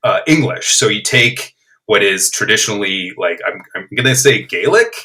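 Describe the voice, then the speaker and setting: Bright-voiced, thoughtful male podcast guest. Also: fairly low pitch, expressive, moderate pace, rough recording. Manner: reflective, enthusiastic, thinks aloud. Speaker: guest, playwright. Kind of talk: casual podcast discussion.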